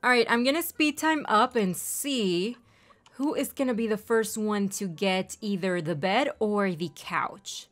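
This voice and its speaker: A young woman hosting a gaming channel, giving excitable, gushing let's-play commentary and addressing viewers as ladies and gentlemen. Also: medium pitch, measured pace.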